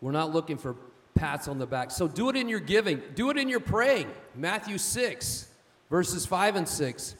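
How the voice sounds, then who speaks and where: A man's voice: high voice, very animated, normal speed. A male pastor preaching a sermon, telling stories with emphasis and asking "amen?". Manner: emphatic, storytelling, calls out "amen?". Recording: long reverb of a church hall.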